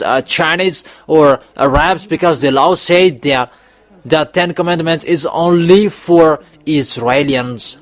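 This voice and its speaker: A male preacher giving a sermon in non-native English, emphatic and repetitive, with sudden raised bursts. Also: on the high side. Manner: speaks English as a second language, with non-native grammar.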